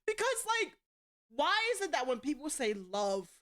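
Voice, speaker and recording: A young woman streaming live, chatting casually and bluntly, swearing a lot and swinging between loud outbursts and quieter asides. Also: sits high, big pitch swings, normal speed. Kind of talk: casual livestream chat.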